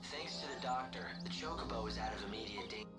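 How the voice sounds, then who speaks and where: A cool, composed warrior heroine from a video game, calm and clipped. Her voice sits very low and sounds set back from the mic. Loud game music plays behind her. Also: fast, reverberant. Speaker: game character. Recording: distant game audio under loud music.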